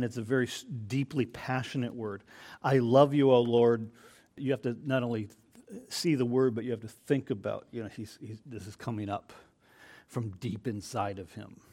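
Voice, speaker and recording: A man's voice: mid-range voice, darkish tone. Earnest man teaching a Bible study. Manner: earnest, reflective, with frequent restarts and asides.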